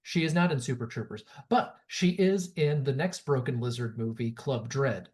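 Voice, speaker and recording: A man's voice: mid-range voice, normal speed, darkish tone. A man co-hosting a podcast, chatting casually about a movie and often stumbling and restarting his sentences. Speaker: podcast co-host.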